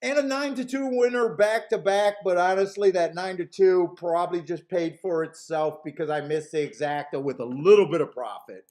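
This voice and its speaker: A man with a notably high voice hosts a live horse racing stream, chatting loosely with his viewers. He rambles, swears freely and breaks into laughter often. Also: moderate pace, hardly any pauses, a little mellow. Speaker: horse racing handicapping show host. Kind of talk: casual live-stream chat.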